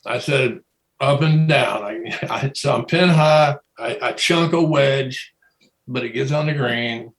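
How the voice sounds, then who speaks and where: In casual chat, a male guest tells a long, rambling story, laughing often and starting his sentences over. His voice is mid-range and a little slow, and the audio is poor and roomy.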